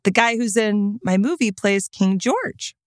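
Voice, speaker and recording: A middle-aged woman co-hosting a relaxed podcast, her pitch jumping up and down as she tells stories and acts out what people said. The sound is dry and close, with almost no room echo. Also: unhurried. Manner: animated storyteller, lots of laughter and acted quotes. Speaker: podcast co-host. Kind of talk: casual chat.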